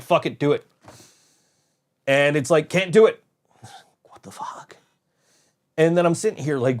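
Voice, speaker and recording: A man hosting a podcast, telling a rambling story in casual chat, swearing often and laughing as he goes. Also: a little high. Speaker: podcast host.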